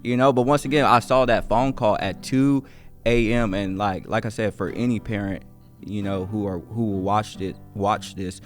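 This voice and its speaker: Low-voiced encouraging male teacher host. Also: steady tone, normal speed, faint music behind. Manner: warm, encouraging, casual slang, many fillers. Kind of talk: earnest conversational interview.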